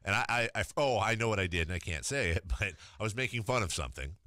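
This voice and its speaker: A man's voice: fairly low pitch, lively intonation, bright, forceful tone, dry recording. A man hosting a sports radio show in a studio, trading jokes and self-mocking banter with his co-host. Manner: joking, self-mocking, quick laughs. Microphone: studio microphone.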